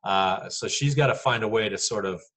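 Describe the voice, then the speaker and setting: Male teacher, lower voice, a bit husky, chatty and rambling poetry lecture. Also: moderate pace, a bit bright. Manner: chatty, rambling, many fillers.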